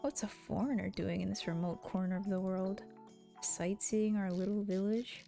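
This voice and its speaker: A woman's voice: mid-range voice, steady tone, moderate pace, vocal fry, dark tone, faint music behind, natural voice. A woman voicing a rude, gloomy village boy who talks curtly and insults people. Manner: curt, insulting.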